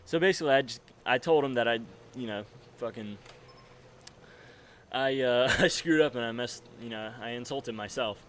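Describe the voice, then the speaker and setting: On his gaming channel, a nineteen-year-old guy rambles through a profane story while gaming, laughing frequently into a desk microphone. His mid-range, slightly bright voice moves at normal speed with long pauses, over a little hiss or hum.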